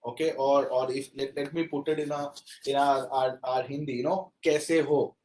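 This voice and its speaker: A man's voice: medium pitch, level tone, moderate pace, a little mellow, a little hiss or hum, rough recording. A man with an Indian accent giving a classroom lecture, acting out example phrases and switching into Hindi now and then.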